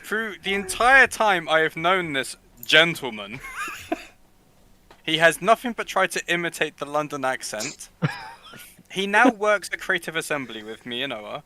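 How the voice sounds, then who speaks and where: Playful, bright-voiced man teasing his friends. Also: a little high, sing-song, measured pace, slight background noise. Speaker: roundtable panelist. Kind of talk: casual online chat.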